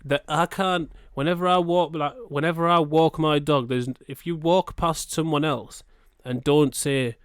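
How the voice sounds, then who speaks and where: A northern English man rambles through blunt opinions on a podcast, swearing as he goes. His voice sits a little high. The sound is dry and close. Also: steady tone, a little slow, hardly any pauses, smooth, no room sound. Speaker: podcast co-host. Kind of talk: casual podcast chat.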